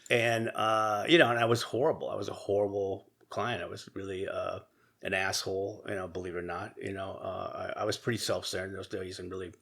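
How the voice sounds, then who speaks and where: A middle-aged man, a podcast guest, telling his own story candidly, profanely and haltingly, with many restarts. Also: low-pitched, little pitch movement, creaky, fairly bright tone. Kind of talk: casual storytelling interview.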